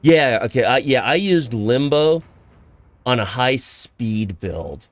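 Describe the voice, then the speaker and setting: Male stream host, excitable and giggly, stumbles over words, pitch swinging widely, mid-range voice. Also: slow, dry recording. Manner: excitable, laughs often, trips over words. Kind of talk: casual livestream chat.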